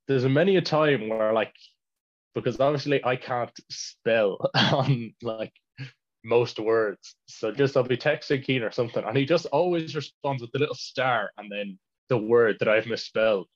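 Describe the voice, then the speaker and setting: A man's voice: mid-range voice, normal speed. Irish teen guy rambling on, giggles a lot, muffled lo-fi audio. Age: teens. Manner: rambling storyteller, laughs mid-sentence. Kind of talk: casual chat. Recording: dull lo-fi sound.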